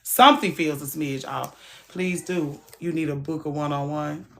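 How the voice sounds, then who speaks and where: Woman, livestream host, casual chat, frank, soft to loud swings, lowish voice. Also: steady tone, moderate pace.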